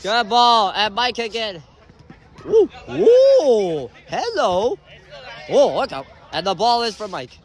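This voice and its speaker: Man, high voice, bright tone, measured pace, live amateur soccer play-by-play full of shouted calls. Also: a faint crowd. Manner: excitable, frequent shouted calls and exclamations. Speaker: amateur match commentator. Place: indoor soccer stadium.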